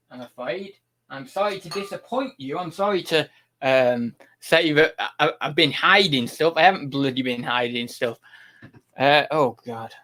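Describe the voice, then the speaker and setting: A man's voice: fairly high pitch, a bit bright. Rambling man livestreaming. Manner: rambling, self-interrupting, exasperated with chat. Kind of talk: casual livestream chat.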